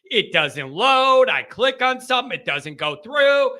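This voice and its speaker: A male host of a sports call-in show, talking in an excited, emphatic way. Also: extremely high pitch, unhurried. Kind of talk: fan radio call-in chat.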